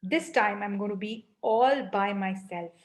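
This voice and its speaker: Woman doing a calm mother, gentle but immovable, near her own voice. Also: mid-range voice, unhurried, lightly acted. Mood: firm. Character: calm firm mother of a small child.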